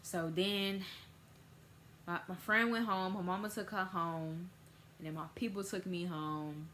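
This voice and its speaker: Teen girl, casual vlog storyteller, jumps high for quotes, faint background noise. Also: fairly even intonation, a little slow, fairly bright tone. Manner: casual storytelling, acts out quoted voices with big pitch jumps. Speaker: vlogger.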